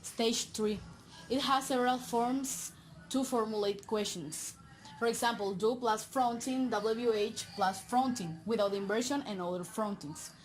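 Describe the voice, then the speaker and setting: A woman's voice: on the high side, low-quality recording. A young woman giving a class presentation, hesitant, with many fillers and self-corrections. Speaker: student presenter.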